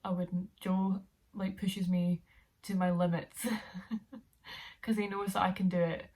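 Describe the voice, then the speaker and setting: A woman's voice: on the low side, level tone, a little slow, darkish tone. A young woman, telling a story to camera in a chatty, rambling way with frequent laughs. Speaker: vlogger.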